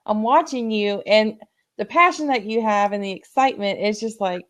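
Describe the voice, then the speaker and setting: A woman on a video call heaping warm encouragement on another participant, effusive and upbeat. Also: medium pitch, moderate pace. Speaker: supportive chat participant. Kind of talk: casual video group chat.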